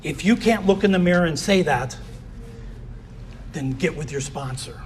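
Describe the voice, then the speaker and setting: A man's voice: on the high side, lively intonation, normal speed, slight background noise. A man giving a candid personal recovery share as a convention speaker, often saying "you know".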